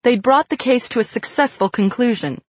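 A woman narrating an audiobook in a calm, steady storytelling manner. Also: on the high side, moderate pace, dry recording. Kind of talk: scripted narration. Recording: dull dry studio read.

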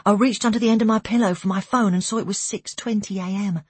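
Woman, first-person audiobook narrator, steady and breathy, dry close recording. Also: medium pitch, fast talker, no echo. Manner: even, steady storytelling with hushed asides.

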